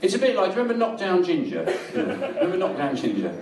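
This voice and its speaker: A middle-aged man from England doing a live stand-up set, rambling and deadpan, in a small comedy venue. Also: high-pitched, very fast, noisy background. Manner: dry, rambling, deadpan with crowd laughter. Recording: roomy live venue, distant mic.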